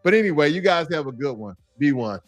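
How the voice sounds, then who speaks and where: A man's voice: a little high, expressive, fast talker, no echo, faint music behind. A man hosting a livestream, reading chat comments aloud and repeatedly goading a commenter to join the call. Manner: taunting, calls a chatter in over and over. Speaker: livestream host.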